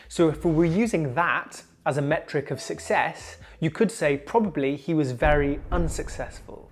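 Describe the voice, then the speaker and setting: A young man giving an earnest, measured motivational talk to camera, slowing down to stress key points. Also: fairly high pitch. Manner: earnest, measured, slows down for emphasis. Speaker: junior doctor and comedian, video host.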